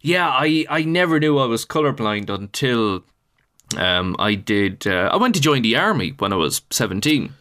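Lively bright-voiced Irish man. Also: medium pitch, normal speed. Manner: lively, laughs a lot, tells anecdotes. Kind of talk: casual chat.

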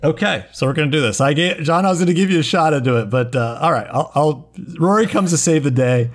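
A man narrating as game master, animated and laughing as he tells the scene. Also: a little high, fast talker.

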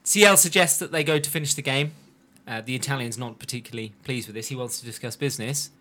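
Male podcast host, bright tone, lively storyteller. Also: medium pitch, quick pace. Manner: animated storyteller, slips into character voices. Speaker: podcast host recapping an anime. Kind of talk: casual chat.

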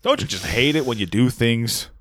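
Jokey man with a lively voice. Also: mid-range voice, moderate pace, no room sound, clean studio sound. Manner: jokey, puts on voices for bits, swears. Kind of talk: casual chat.

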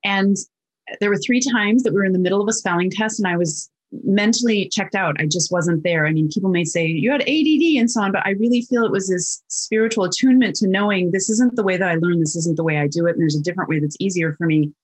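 A middle-aged woman, a guest on an interview, telling personal stories in an animated way and acting out the voices in them. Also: on the low side, quick pace. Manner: animated storyteller who acts out quotes.

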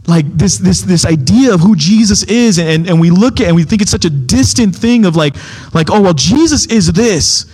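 A man's voice: sits high, darkish tone, husky. A young adult man preaching a sermon, telling a story in a casual way and acting out the voices of the people in it. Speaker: pastor.

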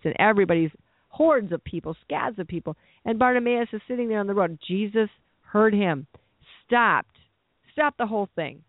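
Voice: mid-range voice, no echo. Earnest preacher on a tinny line. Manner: earnest, repeats and restarts phrases. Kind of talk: sermon. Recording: tinny phone-like dry recording.

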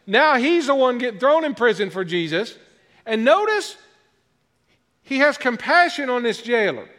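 A man preaching a sermon as a guest pastor, lively, with joking asides about himself. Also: extremely high pitch. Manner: self-deprecating joking asides, animated delivery. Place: church sanctuary. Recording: long hall reverb.

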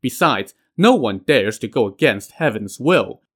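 An earnest older male sage and prime minister speaks firmly about duty and heaven's will, as a man reading the tale puts him on. His manner is dutiful and steady, at a mid-range pitch. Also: unhurried.

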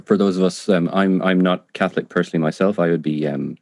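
A man's voice: deep voice, steady tone, fast, vocal fry, darkish tone, no room sound, studio quality. A man who speaks English as a second language, hosting an interview in a hesitant, enthusiastic way with many ums. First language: not English. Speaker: podcast host. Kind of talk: casual interview talk.

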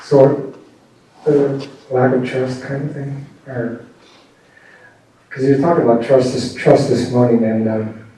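A man asking a question of a teacher in a group, speaking haltingly with many pauses and fillers. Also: medium pitch, steady tone, warm tone. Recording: very echoey room, distant mic, faint room noise.

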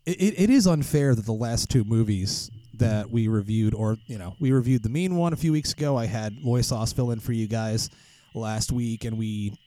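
Male podcast host: mellow and dark-toned, loose and joking. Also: mid-range voice, moderate pace, poor audio. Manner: loose and joking, swears, restarts a lot. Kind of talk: casual podcast chat.

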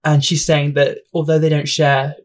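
A man's voice: fairly high pitch, little pitch movement, normal speed. A young man hosting a casual solo podcast, rambling and self-deprecating, often laughing at himself, talking into a home mic. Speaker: podcast host.

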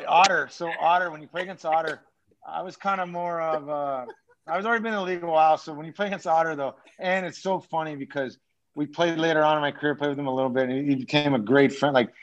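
Man, ex-hockey player, rambling profane storyteller, slightly raised pitch, dull lo-fi recording. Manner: rambling, profane, frequent restarts. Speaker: podcast guest, former pro hockey player. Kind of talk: casual storytelling. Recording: dull lo-fi sound.

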